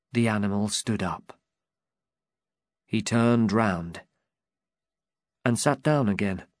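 A man narrating a storybook in a slow, deliberate, even reading. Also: on the low side, no echo, studio quality.

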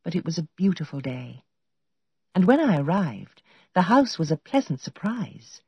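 Female storybook narrator, measured reading, lively husky voice, dry close sound. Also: fairly low pitch, no room sound. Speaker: audiobook narrator. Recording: dull lo-fi audio.

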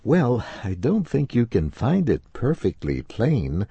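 Guy putting on a shop lady in a story, a bit higher, brushes you off, slow and even. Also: creaky, breathy edge, dry recording, dull audio, full character voice. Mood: dismissive. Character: unhelpful female shop clerk.

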